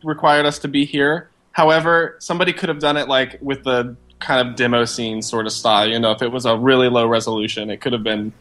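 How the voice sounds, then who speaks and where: A man's voice: mid-range voice, little pitch movement, a little fast, few pauses, a bit bright. A man co-hosting a podcast, talking in a rambling, enthusiastic way with many fillers. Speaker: podcast co-host. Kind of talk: casual chat.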